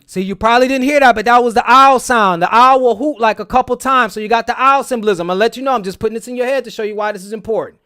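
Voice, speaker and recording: High-voiced emphatic man breaking down a film. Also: fast talker, hardly any pauses, sharp tone, clean tone. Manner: emphatic, preachy, swears a lot, repeats phrases. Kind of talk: excited casual commentary.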